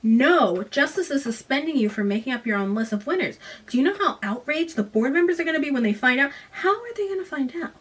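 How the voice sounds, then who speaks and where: A woman's voice: high-pitched, animated, fast talker, hardly any pauses, a bit bright, distant mic, voice pushed up. A woman voicing an outraged school principal who scolds and curses. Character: furious cursing school principal.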